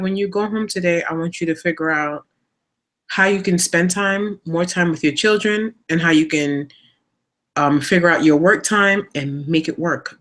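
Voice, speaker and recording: A woman on a talk show, candidly telling a personal story with lots of fillers, getting animated as she retells it. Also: on the low side.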